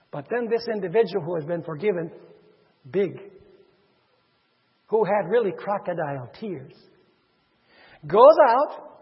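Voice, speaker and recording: A man preaching a sermon, acting out the figures of a parable with sudden swings between loud and soft. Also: extremely high pitch, slightly rough. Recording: dull reverberant hall sound.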